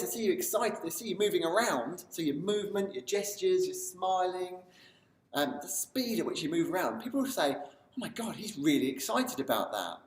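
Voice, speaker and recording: A man giving an enthusiastic motivational talk to camera in a video series. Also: sits high. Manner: enthusiastic, building excitement as he talks. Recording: roomy sound from a distance.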